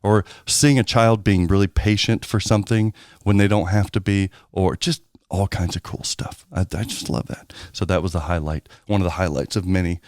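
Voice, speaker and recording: A man's voice: sits low, fairly even intonation, normal speed, hardly any pauses, a little mellow, no echo, studio quality. A man co-hosting a podcast in casual chat, candid, rambling and joking. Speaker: podcast co-host.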